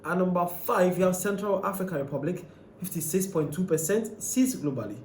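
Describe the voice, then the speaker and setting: A man's voice: sits high, a little fast, a little mellow, echoey room, slight background noise. A man hosting a show who walks through a ranked list in a conversational, questioning way with many fillers and restarts. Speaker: host. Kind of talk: casual commentary on a ranked list.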